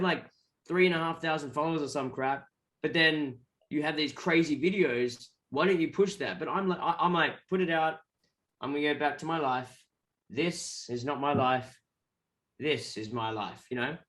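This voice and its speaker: Aussie guy rambling through a story, slightly high voice, keeps doing voices for people he quotes. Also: a bit bright. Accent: Australian. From Australia. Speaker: guest musician. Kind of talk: casual interview storytelling.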